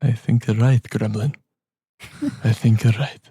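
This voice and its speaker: A man's voice: mid-range voice, steady tone, a little slow, warm tone, breathy edge, no room sound, studio quality. A man playing a tabletop game, speaking earnestly and a little hesitantly in character. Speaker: player. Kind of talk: tabletop role-play.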